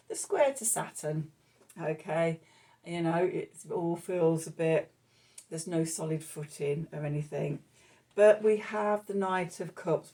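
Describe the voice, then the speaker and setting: A woman's voice: deep voice, dark tone. A woman giving a spoken tarot reading, meandering and reflective, with many fillers. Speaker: tarot reader.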